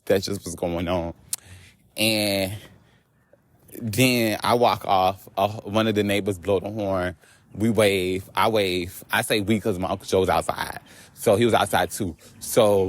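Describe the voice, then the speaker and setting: A man vlogging outdoors on a walk, telling a story in an animated, profane rant. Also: low-pitched, moderate pace. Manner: animated, profane, laughing asides.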